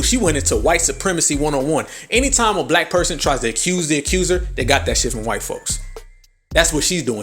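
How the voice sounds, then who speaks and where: A man's voice: a little high, a bit bright. Angry, profane man hosting a podcast. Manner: angry, profane, mocking, with sarcastic mimicry. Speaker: podcast host. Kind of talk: heated political commentary.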